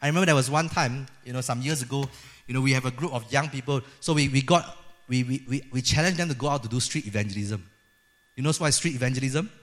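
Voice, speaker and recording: A middle-aged man preaching a sermon as a pastor, lively and acting out the voices he quotes. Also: mid-range voice, fast. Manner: lively, acts out quoted voices of God and people.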